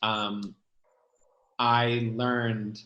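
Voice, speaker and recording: A man appears as a guest and shares his own story with raw, confessional emotion, leaning heavily on "like" and swearing now and then. His mid-range voice stays level and moves very slowly. The lo-fi recording sounds roomy.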